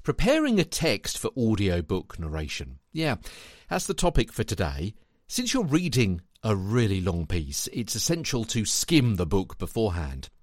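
A man hosting a spoken tutorial podcast, chatty and animated, talking straight to the listener. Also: fairly low pitch, moderate pace, no echo, studio quality. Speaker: podcast host and voice coach.

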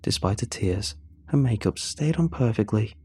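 A man narrating a first-person horror story in a measured, scripted way. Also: lowish voice, animated, mellow, slightly rough.

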